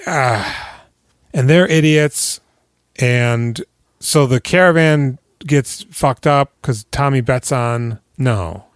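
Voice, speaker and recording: A man's voice: medium pitch, slow pace, smooth, no echo, clean studio sound. A man co-hosting a casual podcast, retelling a film scene by scene with lots of swearing and acting out the characters. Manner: animated, swearing, acts out characters in big voices. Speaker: podcast co-host. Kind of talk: casual chat recapping a film.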